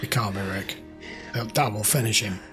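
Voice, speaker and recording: A man hosting a reaction channel who talks back at the screen, blunt and quick to swear. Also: lowish voice. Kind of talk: casual reaction commentary. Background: loud show soundtrack music.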